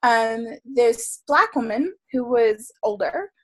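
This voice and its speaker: A woman's voice: fairly high pitch, lively intonation, slow pace. Chatty woman telling a story. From Florida. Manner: chatty, filler-heavy, laughs often. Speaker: guest, tarot reader and writer. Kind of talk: casual storytelling interview.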